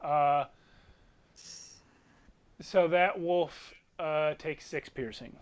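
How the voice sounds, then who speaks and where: A man running a tabletop game as its game master, with a voice sitting a little high for a man. He narrates the combat vividly and with energy, but never rushes his words. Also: clear, resonant tone.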